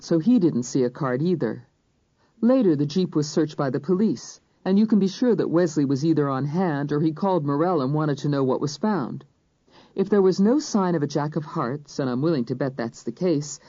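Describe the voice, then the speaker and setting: An audiobook narrator reading a crime thriller in first person, measured and even. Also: mid-range voice, dry recording. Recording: dull, dry studio recording.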